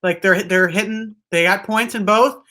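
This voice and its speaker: A man's voice: sits high, steady tone, normal speed, bright, forceful tone. A young man hosting a casual sports talk show, rambling and hedging with lots of restarts.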